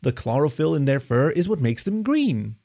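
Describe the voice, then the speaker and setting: An upbeat holographic teacher that greets and lectures children in a bright, projecting voice, voiced by a man. It sounds higher and louder than plain narration. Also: big pitch swings, normal speed, creaky. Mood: lecturing. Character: cheerful holographic tutor, shape-shifting.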